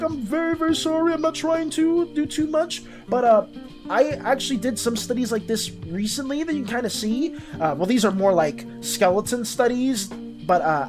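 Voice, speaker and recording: A woman hosting a live art stream in a bright, slightly high voice that swings widely in pitch. She talks in a loose, chatty way, greeting and thanking viewers as she goes. Music plays clearly behind her. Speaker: artist streamer. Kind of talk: casual live-stream chat.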